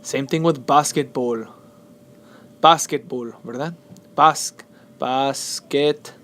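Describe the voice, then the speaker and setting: A man teaching Spanish spelling and stress, switching between English and Spanish and repeating words slowly. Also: a little high. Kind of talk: classroom explanation of Spanish spelling.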